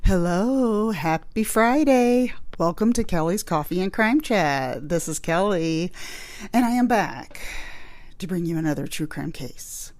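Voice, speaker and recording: A woman from Illinois, USA, hosts a true crime podcast in a casual, rambling chat, laughing easily and sounding a little out of breath. Her voice is lowish with lively intonation and a slightly slow pace, recorded on a studio microphone.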